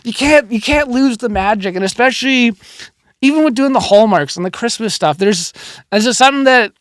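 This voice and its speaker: High-voiced animated male storyteller. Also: fairly quick, no room sound. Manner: animated, swears freely. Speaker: podcast guest, film producer. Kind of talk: casual storytelling chat.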